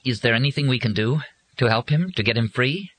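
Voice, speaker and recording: A man narrating a storybook and voicing a worried, determined male character who questions earnestly in a husky voice. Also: mid-range voice, expressive, brisk, a bit bright, dry recording, voice pushed up, low-quality recording.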